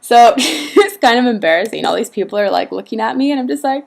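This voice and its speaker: A young woman from Canada, pregnant, chatting to her camera in a casual vlog. Her voice sits slightly high, and she rambles with plenty of fillers and frequent laughter. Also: brisk, creaky, a little mellow. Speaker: vlogger.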